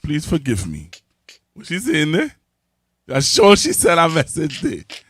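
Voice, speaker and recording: A man's voice: on the high side, wildly swooping pitch, a little slow, a bit bright, husky, no echo, clean studio sound. A Trinidadian man hosting a casual talk show, joking and laughing often as he teases his guest. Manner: jokey, laughs often, teasing. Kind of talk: casual chat.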